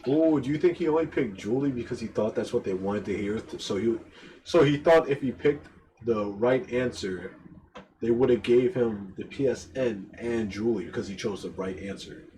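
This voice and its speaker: A man's voice: medium pitch, moderate pace, mellow, a little hiss or hum, poor audio. A man streaming his reactions in casual commentary, musing and thinking aloud.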